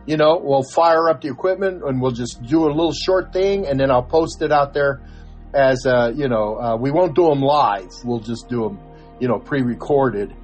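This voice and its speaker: A man's voice: medium pitch, moderate pace, dull audio, faint music behind. An older man co-hosting a podcast, telling a story in casual chat and acting out the dialogue. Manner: animated storyteller, acts out the dialogue. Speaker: podcast co-host.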